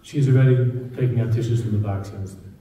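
A man's voice: lowish voice, fairly even intonation, fast talker, mellow, a little hiss or hum. A man giving a sermon as a rabbi, telling stories conversationally and repeating key phrases for emphasis. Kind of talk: sermon to a live audience. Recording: echoey hall, distant mic.

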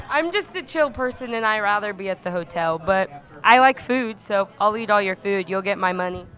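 A woman's voice: mid-range voice, lively intonation, moderate pace, crowd noise, low-quality recording. A teenage girl cheerleader being interviewed, cracking cheeky jokes. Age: teens. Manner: cheeky, wisecracking. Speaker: guest, cheerleader. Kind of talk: casual interview chat.

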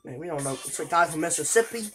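A woman doing let's play commentary, exasperated and swearing, with loud outbursts. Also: low-pitched, animated, fast, background noise. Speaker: gameplay video creator.

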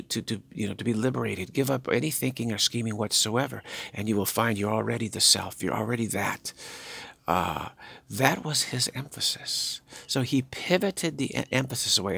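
An older man giving a spiritual talk, halting and musing, repeating himself as he searches for words. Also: lowish voice, vocal fry, fairly bright tone, husky. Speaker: spiritual teacher. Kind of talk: spiritual monologue.

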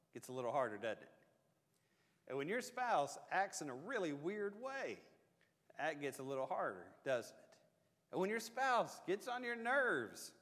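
A man's voice: sits high, a bit bright. A man preaching a sermon in a church, in a conversational style that keeps checking in with the congregation. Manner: conversational preaching with tag questions. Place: church sanctuary. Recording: church hall reverb.

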